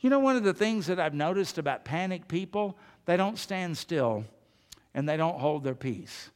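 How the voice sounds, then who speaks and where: High-voiced preacher in a reverberant hall. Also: male voice, lively intonation, moderate pace, smooth. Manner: earnest preaching with repeated emphatic phrases. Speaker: pastor. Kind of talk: sermon. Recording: long reverb of a large hall.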